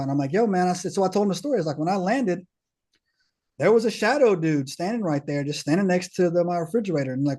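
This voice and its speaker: Male podcast guest, casual storyteller, slightly high voice, slangy and animated, acts out dialogue. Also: fast. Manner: slangy, peppers talk with "man", "bro", "right?".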